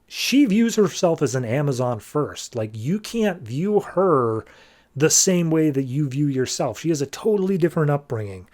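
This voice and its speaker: A man's voice: on the high side, sing-song, moderate pace, a little mellow. A man hosting a comic book podcast, loosely retelling a story in casual chat and paraphrasing the characters' dialogue with lots of "like".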